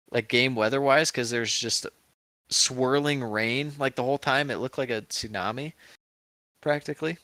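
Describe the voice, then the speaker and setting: A man's voice: medium pitch, a bit bright, smooth, no echo. A man co-hosting a podcast, chatting and joking while he recaps football matches. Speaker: podcast co-host.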